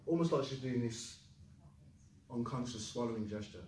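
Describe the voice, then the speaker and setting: A man teaching a classroom lesson, lively, quizzing the class and joking. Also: mid-range voice, normal speed, roomy sound, far from the mic, rough recording. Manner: lively, asks the class questions, jokes. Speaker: Chinese teacher.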